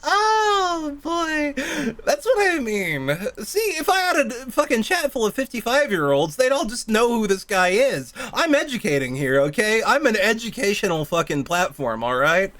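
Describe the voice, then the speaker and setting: A man's voice: high-pitched, very animated, normal speed, few pauses, a bit bright. A man chatting casually on a live stream while gaming, rambling from thought to thought, laughing often and swearing freely.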